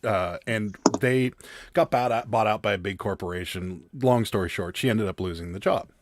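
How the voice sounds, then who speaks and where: A man's voice: lowish voice, moderate pace, no echo, clean studio sound. A man who is a guest on an online panel, telling a story in a rambling way with many restarts over a video call. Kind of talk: casual storytelling chat.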